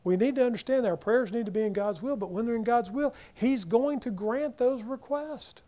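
A male preacher with a high voice and a soft, mellow tone. He swings from loud emphasis down to near-whispers and acts out the people in the passages in quick voices. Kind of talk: sermon.

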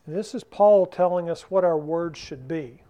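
A man's voice: on the high side, normal speed, warm tone, lo-fi sound. A man teaching a Bible study in a church class room, talking conversationally and keeping the group involved by asking them questions.

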